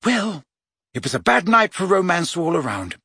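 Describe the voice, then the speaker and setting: A man doing a brisk clever schoolgirl. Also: high voice, big pitch swings, pushed and bright, breathy edge, dry recording, clean studio sound, pitched above the performer's own voice, full character voice. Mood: knowing. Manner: patient, brisk.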